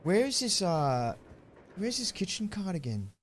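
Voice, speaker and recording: Young guy streaming a game, bit high voice, super swingy, chatty and shouty at chat. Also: unhurried, slight background noise. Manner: chatty, excitable, yells thanks to viewers. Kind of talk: live-stream gameplay commentary.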